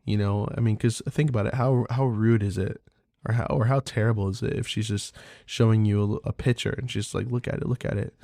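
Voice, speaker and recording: A man's voice: fairly low pitch, fairly even intonation, fairly quick, creaky, warm tone, no echo, clean studio sound. A man hosting a podcast in a casual, candid monologue, swearing freely and talking loosely. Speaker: podcast host.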